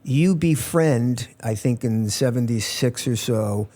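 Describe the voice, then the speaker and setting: Male host, mellow and warm, short prompts and quick reactions. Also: medium pitch. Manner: brief prompting questions and reactions. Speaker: interview host. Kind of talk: conversational interview.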